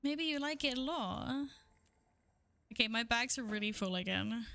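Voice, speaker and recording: A woman's voice: on the high side, expressive, moderate pace, creaky, bright, forceful tone, no room sound. A woman game streamer chatting casually with her viewers while playing, giggly and talkative. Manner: chatty, giggly, talks to chat and herself. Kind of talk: casual live-stream chat while gaming.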